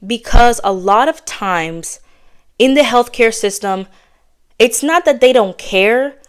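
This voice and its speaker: A woman hosting her own podcast in a candid, casual chat, talking fast and bluntly with slang and sounding a little out of breath. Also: on the high side, animated, smooth. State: slightly out of breath. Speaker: podcast host.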